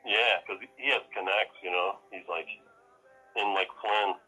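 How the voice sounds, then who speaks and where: A very deep-voiced man with a bright, husky edge tells stories in a loose, rambling way, cursing constantly and breaking into laughs. It is relaxed casual podcast chat. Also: a little slow, faint music behind, poor audio. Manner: rambling, profane, laughs often, acts out quotes. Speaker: podcast co-host.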